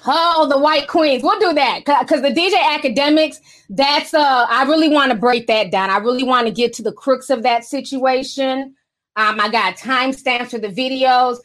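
A young woman with a high, bright-pitched voice hosts casual commentary. She is sassy and animated and laughs often while she reads posts aloud. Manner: sassy and animated, laughs often, puts on a valley girl voice for quotes. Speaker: commentary host.

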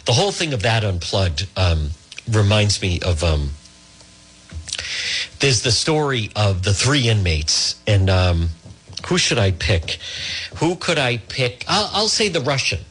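A male talk radio host who rambles through a monologue and a joke, halting often with fillers and restarts, into a handheld microphone. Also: lowish voice, very animated, fairly bright tone, slightly rough. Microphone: handheld microphone, also streamed on social video.

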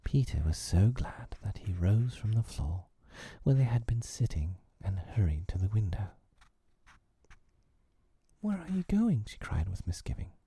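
A man reading a children's classic aloud in a soft, breathy, half-whispered storytelling voice. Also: low voice, moderate pace, hardly any pauses, dry recording.

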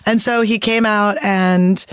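A woman's voice: mid-range voice, fairly even intonation, slow, clear, resonant tone, no echo, clean studio sound. Rambling, profane woman comic. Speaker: comedian guest. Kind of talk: casual podcast storytelling.

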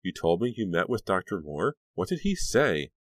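A man's voice: low-pitched, very animated, normal speed, no echo, pitched above the performer's own voice. A man voicing a worried, caring teenage girl who questions her friend urgently.

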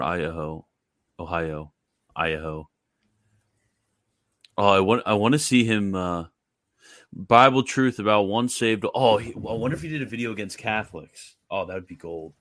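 A man's voice: on the low side, normal speed, fairly bright tone, dry recording, clean studio sound. A young man chatting casually while browsing videos, with offhand remarks. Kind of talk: casual chat.

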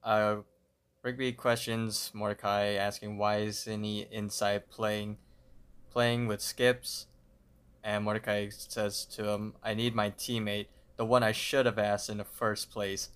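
A man's voice: fairly low pitch, level tone, unhurried, a bit bright, clear, resonant tone. A man co-hosting a podcast, recapping a cartoon episode in a laid-back way. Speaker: podcast co-host.

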